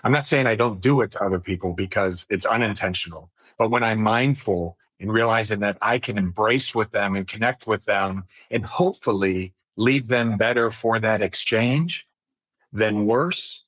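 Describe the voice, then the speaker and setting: Earnest low-voiced male guest. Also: a bit bright, no room sound. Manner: earnest and measured, thinks aloud with fillers. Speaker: podcast guest, business executive. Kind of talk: reflective conversational interview.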